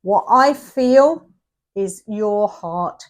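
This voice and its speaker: A woman does a tarot reading on camera in an animated, mid-range voice that moves very slowly. She's emotional and on the verge of tears, speaking directly to the viewer and frequently dropping to a whisper.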